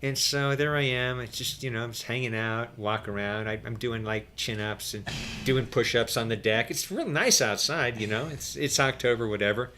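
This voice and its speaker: A middle-aged man, a podcast guest, telling an animated, profane story. He acts out every quote and swings from hushed to loud. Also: medium pitch, moderate pace, slight background noise. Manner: profane, excitable.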